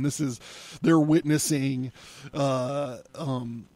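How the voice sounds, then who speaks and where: A man hosting a podcast, casually recapping a comic book in a relaxed way, chuckling often and using many filler words. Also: mid-range voice, slow pace, no echo. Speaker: podcast host.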